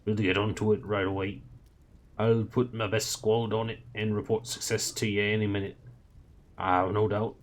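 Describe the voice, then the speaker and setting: A cantankerous older Scottish witchfinder growls through his lines in a heavy brogue, voiced by a male storyteller. He sounds scornful and suspicious of everyone. The low voice sits over a faint hiss. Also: little pitch movement, moderate pace, close to an everyday voice. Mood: gruff. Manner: growling, dismissive, thick put-on Scottish brogue. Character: gruff older Scottish witchfinder man, bigoted.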